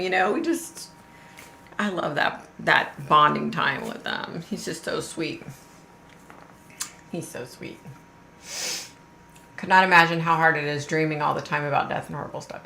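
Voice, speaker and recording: Middle-aged woman, livestream host, gravelly bright voice, casual swearing, echoey room. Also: fairly low pitch. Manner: chatty, swears freely, drawls "y'all".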